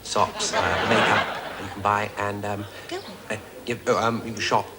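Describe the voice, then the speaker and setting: A man's voice: on the low side, flat delivery, measured pace, heavy background noise. A man acting a flustered schoolboy in a comedy sketch, rambling with many hesitations.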